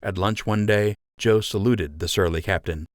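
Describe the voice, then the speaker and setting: A man narrating an audiobook in a steady, measured way on a close mic. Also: on the low side, no echo.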